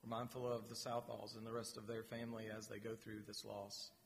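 A man leading his church in announcements and a spoken prayer, gentle and pausing, with repeated words. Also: lowish voice, flat delivery, vocal fry. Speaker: pastor. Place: church sanctuary. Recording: long reverb of a large hall.

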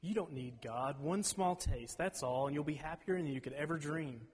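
A man's voice: on the high side, moderate pace, husky. A man whispering as a sly serpent. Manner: soft whisper. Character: sly hissing male serpent tempter. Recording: reverberant hall.

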